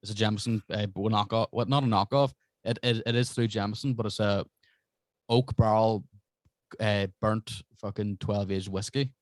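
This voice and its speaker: A man guesting on a podcast, joking crudely in quick bursts. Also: fairly low pitch, steady tone, no room sound. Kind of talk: casual podcast chat.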